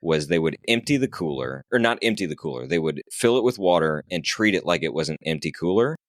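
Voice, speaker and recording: A man's voice: low voice, animated, quick pace, no room sound, clean studio sound. A man, a podcast guest and ultrarunner, telling a story casually, acting out quoted dialogue and swearing now and then.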